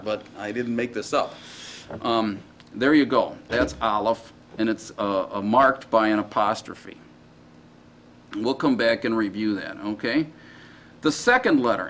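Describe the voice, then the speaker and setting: Halting male teacher lecturing a class. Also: mid-range voice, fairly bright tone, slight background noise. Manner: informal, halting, checks in with the class often.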